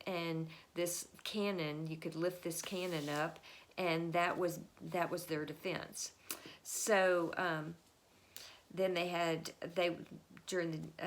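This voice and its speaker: A woman giving a casual spoken history lesson, telling it as a chatty story full of fillers and quick bits where she voices the people in it. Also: lowish voice, a little hiss or hum. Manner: acts out the historical figures with quick changes of voice.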